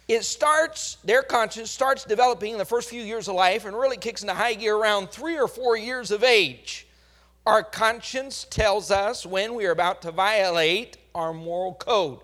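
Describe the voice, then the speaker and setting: A man preaching a sermon, telling stories dramatically and swinging between loud outbursts and hushed passages. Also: high voice.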